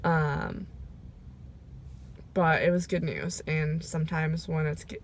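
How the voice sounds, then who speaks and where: A woman recording a personal video diary, talking reflectively and emotionally, pausing often with fillers as she goes. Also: sits low, slight background noise. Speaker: vlogger. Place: sitting in her car. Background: rain.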